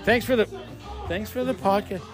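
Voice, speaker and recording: With music going and a faint crowd in the background, a man hosts a friendly garage-shop podcast, joking and drifting off topic as he interviews people. His voice is high and his pace moderate in this casual party chat.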